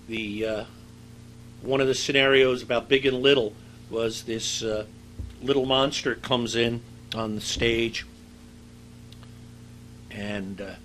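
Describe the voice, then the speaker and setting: Bright-voiced male lecturer, chatty, faint hum. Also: mid-range voice, low-quality recording. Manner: conversational, anecdotal, with frequent fillers. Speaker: university lecturer. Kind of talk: recorded lecture.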